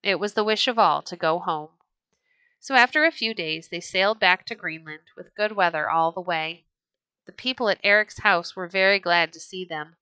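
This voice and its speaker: A woman reading a children's storybook aloud as a podcast storyteller, measured and expressive. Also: on the low side, clean tone, no room sound.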